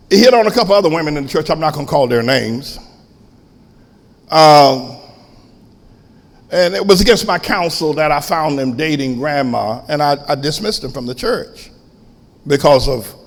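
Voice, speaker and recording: A man preaching a sermon as pastor, shifting from quiet storytelling to sudden shouts. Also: on the high side, long reverb tail.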